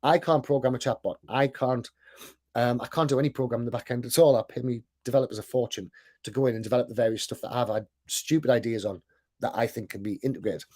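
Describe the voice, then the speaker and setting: A heavily accented online sales coach and business owner talks fast in a medium-pitched, darkish voice with fairly even intonation. His casual presentation is chatty and self-deprecating, punctuated by frequent "right?"s.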